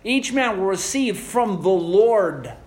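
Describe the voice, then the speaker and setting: Preacher, man, high and very expressive pitch, animated storyteller in the pulpit. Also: slow pace. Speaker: pastor. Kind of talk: sermon.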